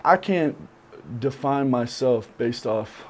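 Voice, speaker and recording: A young man being interviewed on a podcast, speaking candidly and reflectively, with many pauses and fillers. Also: medium pitch, animated, a little mellow, a little hiss or hum. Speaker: podcast guest.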